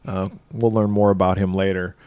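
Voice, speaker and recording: A man's voice: deep voice, flat delivery, normal speed, darkish tone, clean tone, no echo, studio quality. A man co-hosting a podcast, animatedly retelling movie scenes in casual chat, acting out lines and laughing often. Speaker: podcast co-host.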